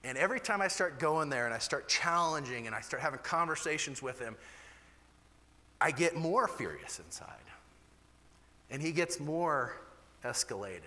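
Animated pastor preaching in a reverberant hall. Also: male voice, normal speed, long pauses. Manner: candid, animated preaching with sudden rises in pitch. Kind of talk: sermon.

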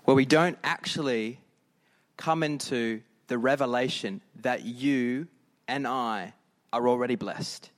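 A man's voice: medium pitch, slow pace. A middle-aged man preaching a conversational sermon as pastor and leading prayer.

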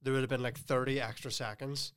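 A man's voice: medium pitch, little pitch movement, brisk, a bit bright, smooth. A young man, co-hosting a podcast in casual chat, telling a story with laughs and quoted lines. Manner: storytelling, laughing, quoting others. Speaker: podcast co-host.

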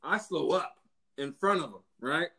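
High-voiced man chuckling through a story. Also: lively intonation, a little slow, creaky, bright, forceful tone. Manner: amused storyteller, chuckles often. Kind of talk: casual chat.

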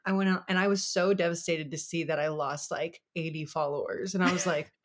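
A woman co-hosting a faith podcast with a husky early-morning voice, telling stories in an animated and self-mocking way. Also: lowish voice, fairly quick. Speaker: podcast co-host. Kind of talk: casual faith chat.

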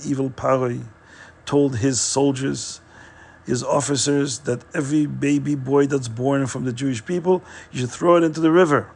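A man's voice: medium pitch, vocal fry. A man hosting a podcast, earnestly retelling a religious tale with plenty of repetition. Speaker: storyteller, podcast host. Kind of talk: religious storytelling.

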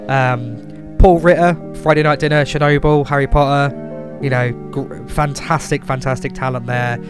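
A man talks in casual podcast chat, blunt and full of swearing. He stumbles through ums and restarts as he goes. Guitar music plays clearly behind him. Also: mid-range voice. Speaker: podcast co-host.

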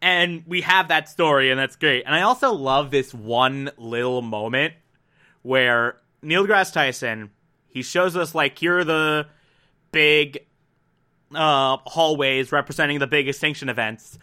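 A man giving casual, rambling commentary, excitable and laughing often, with many fillers. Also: on the high side, a little slow. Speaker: reviewer.

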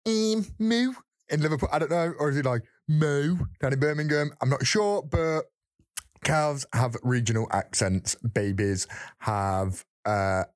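A man's voice: medium pitch, moderate pace, no echo. A man presents a weekly fun fact on a podcast in a playful, storytelling way. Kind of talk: casual chat.

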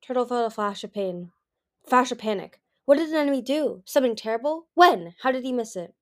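A woman's voice: fairly high pitch, a little fast. Woman reading a novel aloud. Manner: steady storytelling, occasional restarts. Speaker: audiobook reader.

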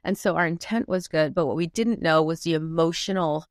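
Earnest lower-voiced woman telling her story. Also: dry recording, studio quality. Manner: earnest and reflective, with frequent pauses and fillers. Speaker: guest, motivational speaker and performance coach. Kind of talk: candid personal storytelling in an interview.

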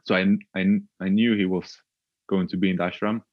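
A young man with a very low, deep voice tells his story slowly and haltingly, pausing often. The sound is dry and close, but the recording is dull and lo-fi. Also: level tone, no echo. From Sweden. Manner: hesitant, halting, with frequent filler sounds. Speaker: podcast guest. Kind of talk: reflective personal storytelling.

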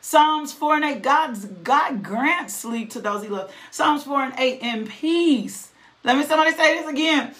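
A woman's voice: high-pitched, a little slow. A middle-aged woman preaching a sermon, reading scripture and calling out to listeners. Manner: animated, calls to the audience with "right?" and "come on now".

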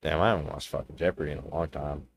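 A man's voice: extremely low pitch, steady tone, fast, creaky, crowd noise. A young man co-hosting a podcast in casual chat, laid-back and slangy, swearing freely. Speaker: podcast co-host.

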